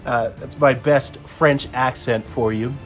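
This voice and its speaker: A man's voice: fairly high pitch, animated, slow, soft background music. A man hosting an opinion commentary, talking emphatically with frequent restarts. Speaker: host.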